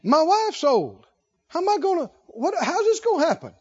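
Preacher doing a doubting old priest: whiny, halting, very high. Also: male voice, sing-song, dull audio. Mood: doubtful. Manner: whining, hesitant.

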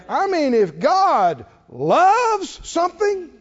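A man's voice: very high-pitched, big pitch swings, slow, a little mellow, big-room sound, dull audio. A man preaching a sermon, emphatic and calling out to the congregation. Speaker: pastor.

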